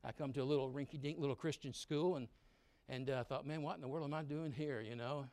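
A man in his sixties preaching a sermon. He swings from loud exhortation to quiet, personal storytelling and acts out grumbling children in quick asides. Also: mid-range voice, fairly even intonation, no room sound. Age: 60s. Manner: preaching loudly with sudden drops to quiet storytelling.

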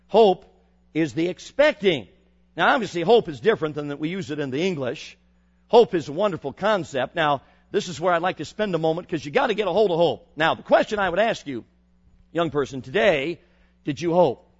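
Preacher, male, fairly high voice, emphatic sermon delivery with sudden loud peaks, dull lo-fi recording. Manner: swings from quiet asides to loud emphatic peaks; asks the crowd for answers. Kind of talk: sermon to teenagers.

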